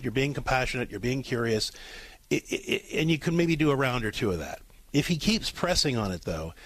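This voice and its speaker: A middle-aged man hosting a call-in advice show, coaching a caller in a calm, repetitive way. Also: mid-range voice, no echo. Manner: calm, coaching, repeats key points. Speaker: radio advice host.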